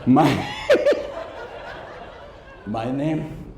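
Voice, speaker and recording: A man putting on a deep suave Latin lover. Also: creaky, very noisy. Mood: crooning. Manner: slow, crooning, seductive. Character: smooth, suave male Latin-lover charmer. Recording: roomy live theater with crowd.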